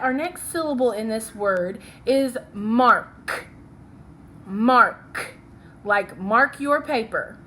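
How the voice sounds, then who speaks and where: A young woman teacher leading a phonics lesson, talking slowly and checking in often with "okay?" as she writes along. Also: a little high, fairly bright tone, slight background noise. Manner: slow, patient, checks in with "okay?".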